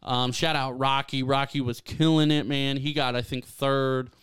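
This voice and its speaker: A young man from Ohio co-hosting a podcast, chatting casually and excitably, laughing often and saying dude and man a lot. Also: mid-range voice, normal speed, smooth. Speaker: podcast co-host. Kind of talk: casual chat.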